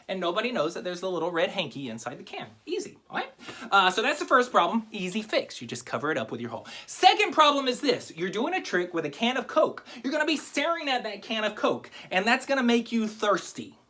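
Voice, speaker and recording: A man's voice: high-pitched, big pitch swings, quick pace, pushed and bright. A man giving a comic magic lecture to camera, teaching a trick while joking, rambling and interrupting himself. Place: home video recording.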